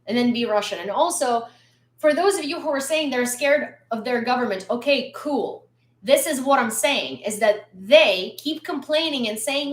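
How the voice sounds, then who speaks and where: Woman, high-pitched, blunt, sarcastic, angry rant, echoey room. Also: animated, moderate pace. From Ukraine. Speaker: vlogger. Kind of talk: opinion rant to camera.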